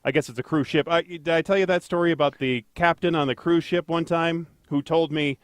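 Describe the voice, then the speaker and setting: A man with a somewhat high voice hosts a casual podcast, rambling through stories with filler words and self-deprecating jokes. The sound is dry and close, with little room around it. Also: steady tone, a little fast, dry recording. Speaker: podcast co-host, traffic anchor.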